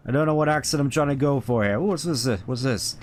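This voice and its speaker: A man's voice: medium pitch, fast talker, a little hiss or hum. A man streaming a video game, rambling in casual commentary and reading item names aloud.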